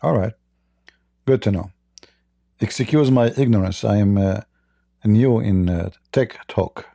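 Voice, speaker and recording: A man hosting a livestream debate, talking casually in a slow, halting, mocking way. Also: lowish voice, gravelly, warm tone, no echo, studio quality.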